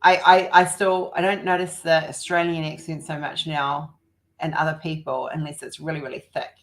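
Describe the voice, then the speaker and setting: Low gravelly New Zealand woman. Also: little pitch movement, moderate pace, fairly bright tone. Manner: rambling, laughs often. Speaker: livestream host. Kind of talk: casual chat.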